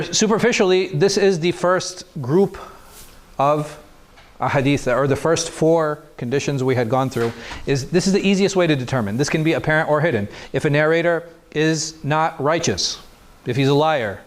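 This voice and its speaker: A man's voice: on the high side, normal speed. A man lecturing a class, explaining things step by step and asking the students questions he then answers himself. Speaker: teacher. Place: mosque classroom.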